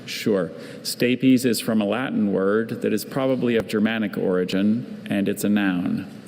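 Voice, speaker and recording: A man, the pronouncer at a spelling bee, reading definitions and word origins in a measured, patient way. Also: on the low side, fairly even intonation, gravelly, a little mellow. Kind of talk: reading word information aloud. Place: large competition hall. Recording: hall reverb, faint ambience.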